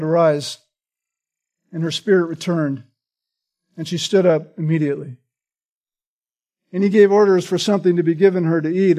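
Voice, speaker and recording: A man's voice: fairly high pitch, dark tone. A man preaching a sermon in an earnest, emphatic way, often checking in with "right?". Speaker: pastor.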